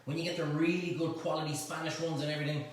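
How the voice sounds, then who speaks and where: A man's voice: on the high side, little pitch movement, very fast. A middle-aged man with an Irish accent hosts a live cooking demonstration in his home kitchen, talking his viewers through a recipe and teasing his helpers with banter. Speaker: cooking show host. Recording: echoey kitchen, mic at a distance, faint noise.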